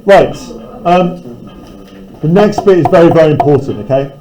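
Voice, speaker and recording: A man's voice: a little high, normal speed, a crowd in the background, rough recording. A male teacher reading a novel aloud in a classroom and breaking off to explain it in casual terms. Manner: reads aloud, then paraphrases casually.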